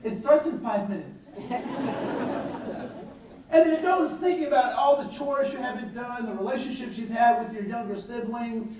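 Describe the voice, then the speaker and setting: Animated man speaking in an echoey hall. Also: very high voice, brisk, hardly any pauses, far from the mic, some chatter behind, a little hiss or hum. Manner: animated, asks the audience rhetorical questions, acts out dialogue. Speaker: speaker on attitudes and education. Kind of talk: storytelling talk to an audience.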